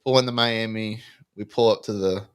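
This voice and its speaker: A man with a slightly low voice tells a story on a casual podcast. He carries it along, acting out the other people's lines. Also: normal speed, clean tone. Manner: animated anecdotal storyteller, acts out dialogue. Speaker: podcast co-host.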